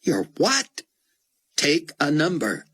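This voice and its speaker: Sarcastic woman secretary, sing-song, husky, lively, voiced by a man, audiobook. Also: on the high side, slow, no room sound, studio quality, pitched above the performer's own voice, exaggerated voice. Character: sharp-tongued woman office secretary.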